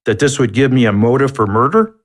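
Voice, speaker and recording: A man's voice: mid-range voice, expressive, fairly quick, voice pushed up, natural voice. A man voicing a flustered, geeky middle-aged lawyer who talks indignantly and defensively, in a storybook reading.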